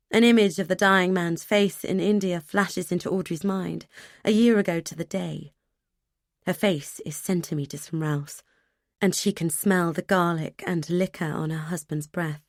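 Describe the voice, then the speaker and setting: Audiobook reader, woman, measured thriller narration, low voice, dry close sound. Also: no room sound.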